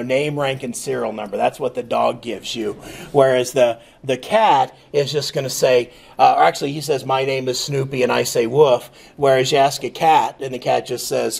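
A man teaching programming in a relaxed, screen-recorded lecture, thinking aloud with fillers and checking in with "okay?". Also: medium pitch, normal speed, creaky, husky. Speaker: programming instructor.

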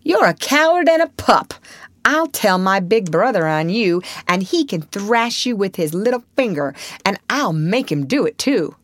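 A woman's voice: mid-range voice, sing-song, measured pace, hardly any pauses, no echo. A woman voicing a brash young boy from a storybook, taunting and spoiling for a fight. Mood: angry. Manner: taunting, cocky boyish bluster.

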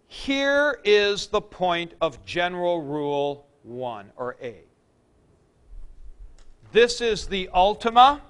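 A man lecturing his students in a classroom, joking with them as he goes. His voice is high and resonantly clear. He takes his time over each point. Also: very animated, slow, fairly bright tone. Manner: chatty, joking asides to students. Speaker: Greek teacher.

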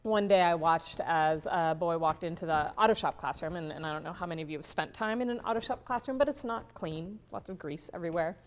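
Speaking fairly quickly and with few pauses, this woman's low voice carries a conference lecture. Her sentences often restart with repeated words, and she tosses tag questions to the audience to keep them with her.

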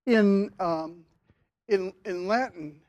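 An older man giving a university linguistics lecture, speaking haltingly with many fillers and restarts. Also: high-pitched, a little mellow, dry recording, muffled recording. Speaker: linguistics professor.

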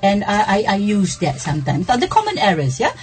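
A middle-aged woman hosts a radio lesson on workplace English, speaking a little fast in a mid-range voice with huge swings in pitch. She laughs often and keeps checking in with listeners by asking "yeah?".

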